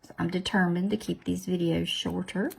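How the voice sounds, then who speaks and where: Lady doing her nails on video, gravelly voice, keeps laughing at herself. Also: on the low side, steady tone, normal speed. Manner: chatty, self-deprecating, exclaims often. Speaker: nail tutorial host. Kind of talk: casual chat while doing nails.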